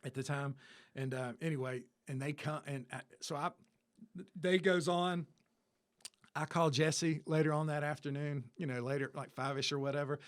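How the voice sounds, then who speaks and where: A man's voice: on the high side, steady tone, normal speed. Rambling middle-aged storyteller man. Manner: rambling, filler-heavy, acts out dialogue. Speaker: music industry veteran, interview guest. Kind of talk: casual anecdotal storytelling.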